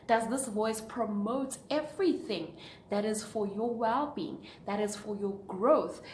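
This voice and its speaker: Earnest young woman in an echoey room. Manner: earnest, preachy, asks rhetorical questions. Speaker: vlogger. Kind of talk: casual motivational talk to camera. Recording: echoey room with faint rumble.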